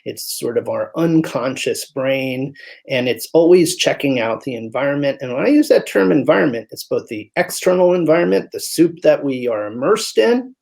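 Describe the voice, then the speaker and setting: Male physician guest with a husky, raspy voice, chatty and animated, acting out examples. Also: medium pitch, normal speed. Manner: animated storyteller who acts out voices. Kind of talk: conversational interview.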